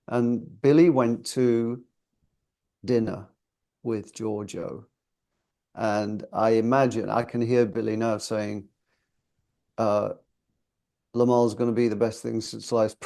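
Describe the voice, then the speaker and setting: A man in his sixties from the UK, chatting as an interview guest in a loose, storytelling way. His voice is warm and dark, with a gravelly fry running through it. He comes across as reflective and gently self-deprecating. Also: mid-range voice. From United Kingdom. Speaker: singer and guest.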